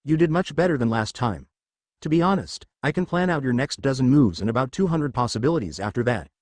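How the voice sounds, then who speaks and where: A man voicing a lazy, sharp-minded teenage boy strategist in a story reading, with a calm, dry, unhurried manner. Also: medium pitch, no room sound, lightly acted.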